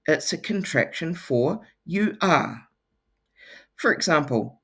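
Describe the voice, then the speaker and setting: Slow, gravelly New teacher. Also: mid-range voice, a bit bright. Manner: playful, teasing asides. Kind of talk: classroom lesson for children.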